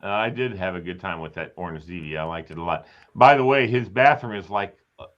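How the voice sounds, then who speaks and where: Lively bright-voiced man hosting a chat. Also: sits low, brisk, dull audio. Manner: joking, teasing, talkative. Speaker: host. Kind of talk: casual chat.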